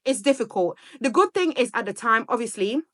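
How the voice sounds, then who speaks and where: A talkative vlogger from Sierra Leone in her thirties rambles casually to her viewers on camera. Her voice is fairly high, animated, a bit bright, and she speaks fairly quickly.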